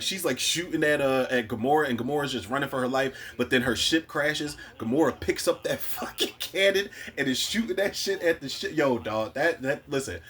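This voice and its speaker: A man with a Philadelphia accent and a lowish, sharp-toned voice gives a casual, rambling movie review. He's full of slang and swearing and quotes lines from the films as he goes.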